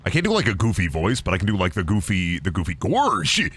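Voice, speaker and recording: A man's voice: sits low, fast talker. A young man rambling and joking as he streams a game. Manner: rambling, jokey, animated. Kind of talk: casual let's-play commentary.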